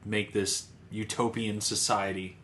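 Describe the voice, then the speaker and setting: A man's voice: on the low side, flat delivery, fairly bright tone. Podcast cohost guy, hesitant, lots of uhs, echoey room. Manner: hesitant, halting, many "uh"s. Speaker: podcast co-host. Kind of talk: casual podcast chat. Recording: echoey room with faint noise.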